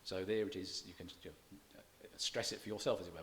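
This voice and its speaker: Male lecturer with a slightly low voice. Steady and explanatory, with understated wit. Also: a little hiss or hum. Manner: measured, explanatory, with dry self-deprecating humour. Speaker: lecturer on poetry. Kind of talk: public lecture. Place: church event.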